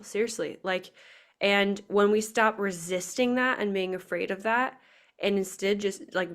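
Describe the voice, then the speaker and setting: A woman in her twenties hosting a live video call, speaking in an earnest, emotional way about faith and self-worth with many casual fillers. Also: lowish voice. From Nebraska. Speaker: podcast host. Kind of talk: heartfelt motivational faith talk.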